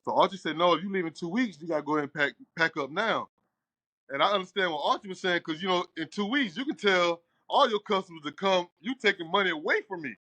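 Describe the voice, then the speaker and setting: Animated storytelling barber with a bright voice. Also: male voice, high voice, quick pace, no room sound. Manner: animated storyteller, acts out quoted dialogue. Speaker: barbershop owner. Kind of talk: casual storytelling interview.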